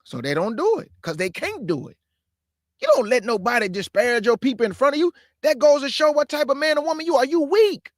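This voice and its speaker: A man's voice: very high voice, sing-song, fast, no echo, clean studio sound. A man hosting his own stream, talking in a fiery, preachy way, repeating his points and calling his listeners family. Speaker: show host. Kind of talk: impassioned livestream commentary.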